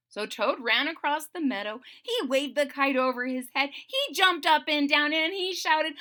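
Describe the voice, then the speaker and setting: A woman reading a children's story aloud in an animated, expressive way, talking to young listeners. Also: high voice, normal speed, few pauses.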